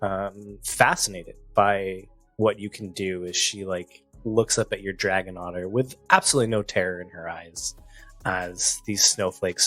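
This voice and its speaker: A man's voice: low voice, bright, forceful tone. A man narrating a tabletop game as game master, loose and full of fillers.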